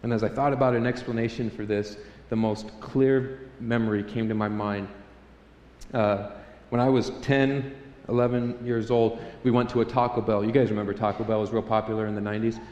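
A man in his thirties preaching a sermon, telling a personal story with animated delivery and acting out voices. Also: fairly low pitch, a little fast, lo-fi sound. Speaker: pastor. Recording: echoey hall reverb.

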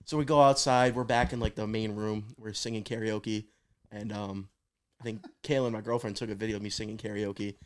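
A man's voice: lowish voice, steady tone, brisk. A young man, a podcast guest, telling a story about himself in a laid-back way, swearing freely and laughing at himself. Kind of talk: casual storytelling chat.

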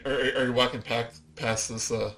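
A man narrating a tabletop game as game master, halting with many fillers, on low-quality home audio. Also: steady tone, fairly bright tone.

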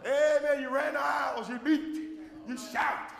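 A man preaching a sermon as pastor, with a Southern American accent, shouting and repeating refrains to a responding congregation. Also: very high voice, fairly even intonation, measured pace, creaky, some chatter behind. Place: church sanctuary with congregation. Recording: echoey hall recording.

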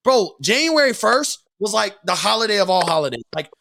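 Young man, high voice, bright tone, animated, lots of "like", casual sports podcast talk. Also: fairly quick, vocal fry. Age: young adult. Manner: animated, repeats himself, says "like" and "bro" a lot. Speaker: podcast guest.

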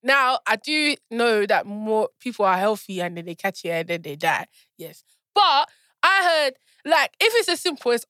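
A woman's voice: medium pitch, lively intonation, sharp tone, dry recording, studio quality. Goofy young woman. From Sierra Leonean heritage. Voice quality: slightly nasal, blocked-nose sound. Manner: goofy, laughing, quick banter. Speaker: podcast co-host. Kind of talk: casual chat.

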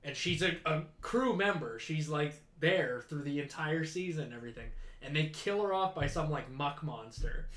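A man co-hosting a casual podcast chat, rambling and breaking into loud, disbelieving outbursts. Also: fairly high pitch, animated, moderate pace, few pauses. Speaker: podcast co-host. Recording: echoey room.

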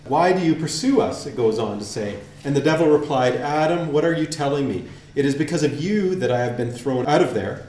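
A man's voice: a little high, lively intonation, fairly quick, few pauses, darkish tone. A man reading passages aloud and commenting on them in a conversational lecture, often asking rhetorical questions. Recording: roomy echo, faint ambience.

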